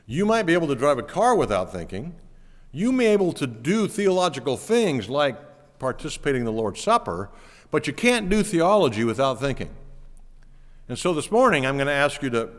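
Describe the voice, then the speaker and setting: A man's voice: a little high, big pitch swings, fairly quick. A man preaching a sermon to his congregation, explaining step by step with earnest, emphatic repetition. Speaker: pastor. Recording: long church hall reverb.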